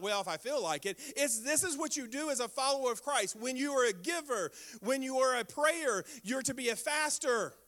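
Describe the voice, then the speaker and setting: An older man, a pastor, preaching a sermon with animated storytelling and sudden exclamations. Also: very high voice. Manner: animated storytelling with sound effects and prayer.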